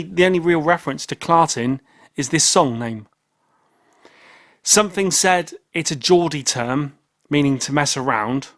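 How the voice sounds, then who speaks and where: A man's voice: on the high side, a bit bright. A man with an English accent hosting an album review podcast, chatting casually and joking. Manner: joking, pushy. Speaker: podcast host. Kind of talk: casual chat.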